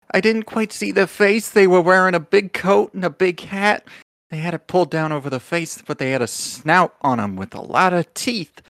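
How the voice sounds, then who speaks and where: A skittish little mouse messenger with a pinched, high voice, as a man puts him on. He stammers and trips over his words, clearly out of his depth. The voice is dry and close, with a gravelly edge under the squeak. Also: fairly bright tone, no echo. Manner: nervous, hesitant, stammering. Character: small jittery male mouse messenger.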